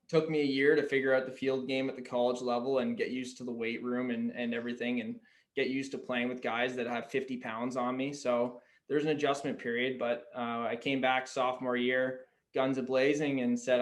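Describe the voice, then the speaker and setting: Young male guest, Canadian-raised pro athlete: even, flat delivery, candid and chatty. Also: mid-range voice, normal speed. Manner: candid storyteller, peppered with "like". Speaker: guest, pro lacrosse player. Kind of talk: casual podcast chat.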